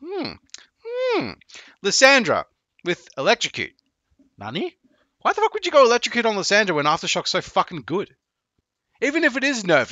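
A man's voice: medium pitch, no echo. A man coaching video games on a live stream, chatting casually, swearing and joking with viewers. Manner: profane, joking, excitable.

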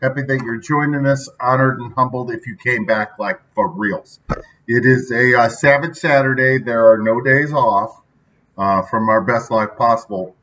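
A man's voice: medium pitch, moderate pace, fairly bright tone, distant mic, slight background noise. A man hosting a casual daily motivational podcast, talking in an upbeat, chatty way with lots of filler asides. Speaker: podcast host. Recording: dull sound from slightly off mic.

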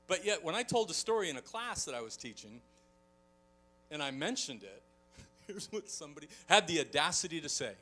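A middle-aged man preaching a sermon as a pastor, telling stories with animated delivery and acting out quoted voices. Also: fairly high pitch, brisk. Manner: animated storytelling, acts out quoted voices, chuckles often.

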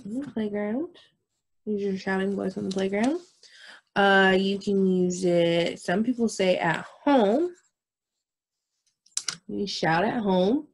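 A woman's voice: medium pitch, breathy edge. A woman music teacher, talking young children through a recorded lesson and checking in with them often. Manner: slow, patient, repeats herself and checks with "okay?"; demonstrates whispering and shouting voices.

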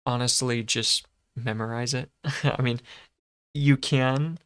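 A man's voice: medium pitch, fairly even intonation, slow pace, fairly bright tone, clear, resonant tone. A man teaching a shorthand lesson, patiently sounding out words and correcting himself as he goes. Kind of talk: explaining a lesson.

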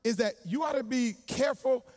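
A male pastor preaching a sermon in a church, colloquial and call-and-response, swinging from hushed asides to shouting. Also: very high-pitched, fairly quick, soft background music.

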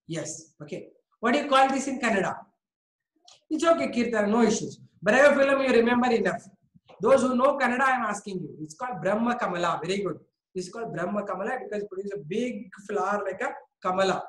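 A woman's voice: a little high, roomy sound, poor audio. A woman with an Indian English accent teaching a biology class, coaxing students and praising them by name.

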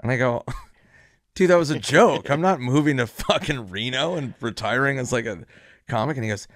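A male comedian telling an anecdote in a deadpan, low-key way. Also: normal speed, dry recording, studio quality. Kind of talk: anecdote told in casual chat.

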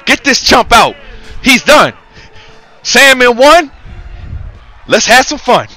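A man's voice: very high voice, very animated, slow pace, sharp tone, soft background music, full character voice. A man doing Apollo Creed, boastful trash-talking boxer. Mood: taunting. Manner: taunting, boastful, rhyming trash talk. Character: cocky trash-talking male heavyweight boxer. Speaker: gaming commentator. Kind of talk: in-character game commentary.

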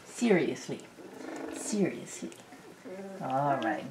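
A woman's voice: fairly low pitch, very animated, measured pace, distant mic. A woman talking playful, cooing baby talk to her puppies in an indoor puppy pen, filmed on a handheld camera. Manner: cooing, sing-song and playful. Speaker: dog breeder filming her puppies. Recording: roomy with loud noise.

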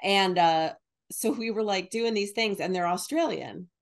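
A woman's voice: mid-range voice, measured pace. Woman, podcast co-host, casual chat, laughs often, playful mimicry. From New Jersey and New York. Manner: chatty, laughs often, imitates phrases.

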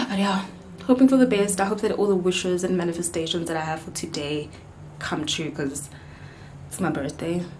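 A woman's voice: on the low side, fairly even intonation, moderate pace. A young woman in her twenties from South Africa, rambling emotionally in a casual vlog while walking home outdoors on a city street, phone held at arm's length. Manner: chatty and emotional, rambling with many fillers. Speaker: vlogger. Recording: loud street traffic noise. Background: loud passing traffic.

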